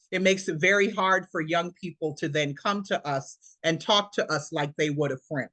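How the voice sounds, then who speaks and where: A woman's voice: lowish voice, unhurried, fairly bright tone, no room sound. A woman around sixty giving a motivational talk over a video call as presenter, emphatic and preacherly, repeating her points.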